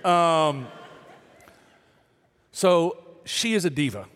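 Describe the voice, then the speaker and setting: A man's voice: a little high, moderate pace, a little hiss or hum. A man preaching, telling a joking story about his family before turning earnest and urging the listeners. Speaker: pastor. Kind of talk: sermon with humorous story. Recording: long reverb of a large hall.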